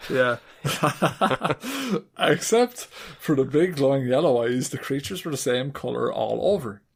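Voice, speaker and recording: A man with a gravelly, mid-pitched voice co-hosts a casual podcast. He tells a story between jokey asides and laughs often. His voice has a rough fry to it. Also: expressive, measured pace. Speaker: podcast co-host.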